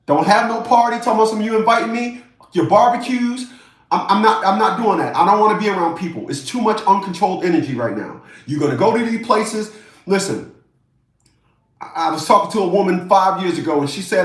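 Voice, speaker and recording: A man delivers a ranting commentary vlog in a fairly high voice, animated and mocking. He repeats phrases for emphasis. The recording carries a roomy echo. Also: a little fast. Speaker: YouTube commentator.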